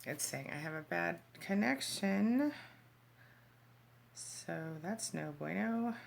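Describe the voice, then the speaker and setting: A woman's voice: mid-range voice, lively intonation, vocal fry, slight background noise. A woman hosting a casual livestream from her phone, chatting with viewers, greeting them by name and reading their comments aloud. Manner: laughs easily, talks in quick bursts. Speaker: livestream host. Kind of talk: casual live chat with viewers.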